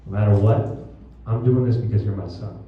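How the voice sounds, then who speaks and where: A man's voice: on the low side, fairly even intonation, fairly quick, lo-fi sound, a little hiss or hum, pitched below the performer's own voice, natural voice. A man voicing his earnest, tender stepfather, a middle-aged man talking sincerely, in an echoey theatre heard from far off. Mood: heartfelt. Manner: sincere, heartfelt.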